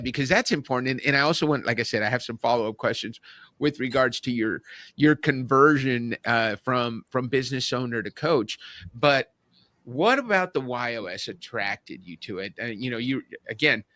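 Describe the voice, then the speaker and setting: A man's voice: medium pitch, pushed and bright, dry recording. A man hosting a leadership podcast, enthusiastic and rambling as he interviews a guest. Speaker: podcast host. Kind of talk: conversational interview.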